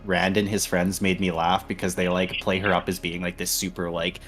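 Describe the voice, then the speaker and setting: A man co-hosting a casual book discussion podcast, talking in an animated way, swearing and laughing often. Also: low voice, fairly quick. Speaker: podcast co-host. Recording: loud background music bed.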